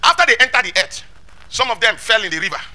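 A man preaching, his voice very high and ringing bright. He swings up and down in pitch, and he presses each point home with rhetorical questions and shouted scripture. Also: lively intonation, quick pace. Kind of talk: sermon.

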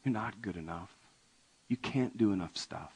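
A man voicing Jesus as a gentle, loving man who speaks softly in a lowered voice. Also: normal speed, breathy edge, poor audio. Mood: tender. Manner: soft, lowered and tender.

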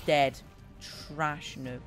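A woman giving casual gameplay commentary as a gaming YouTuber, excitable and trash-talking, shouting at enemies. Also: sits low, drawn-out words, over music.

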